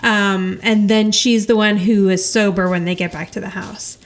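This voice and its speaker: A woman's voice: medium pitch, steady tone, normal speed. A woman hosting a podcast, casually retelling an episode, laughing often and acting out the characters' lines. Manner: chatty storytelling, laughs often, acts out quoted lines. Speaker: podcast host recapping an episode. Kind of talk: casual chat.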